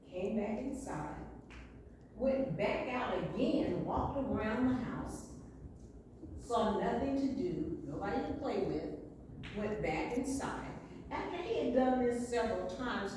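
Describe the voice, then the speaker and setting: An American woman tells a folk tale in a playful, drawn-out voice that sits high. She speaks slowly and lingers on her words. She sounds far from the mic in a big, reverberant hall. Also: slight background noise. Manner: lively, playful, drawn-out delivery. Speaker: storyteller. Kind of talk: live folk-tale storytelling.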